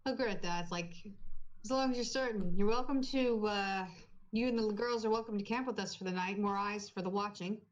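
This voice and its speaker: A woman player speaking in character in a tabletop game, polite and gently concerned. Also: mid-range voice, a little fast, muffled recording. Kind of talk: in-character tabletop role-play.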